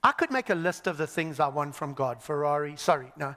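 Animated high-voiced male preacher. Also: a little fast, in a large hall. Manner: animated, swinging between loud and hushed. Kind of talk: sermon.

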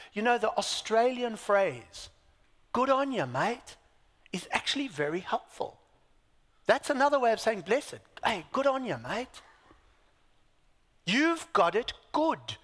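A man's voice: high voice, fairly bright tone. A man preaching a sermon with emphatic repetition and rhetorical questions to a congregation. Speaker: pastor. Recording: live in a reverberant hall.

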